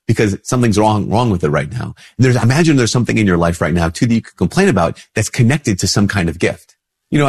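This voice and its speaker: A priest with a cold, talking in a relaxed conversational way and acting out little everyday exchanges. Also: male voice, low voice, husky. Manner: conversational, acts out little dialogues. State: congested with a cold. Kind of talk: casual spoken reflection.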